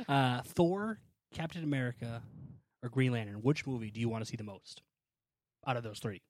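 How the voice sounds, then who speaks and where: A man's voice: medium pitch, animated, normal speed, a little mellow, dry recording. A man co-hosting a casual podcast, laughing often and reading listener emails aloud with his own asides. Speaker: podcast co-host. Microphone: headphones and computer mic.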